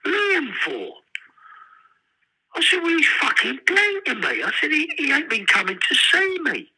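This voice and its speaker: An older man, telling profane, animated prison stories in an interview. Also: high voice, rough recording. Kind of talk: storytelling.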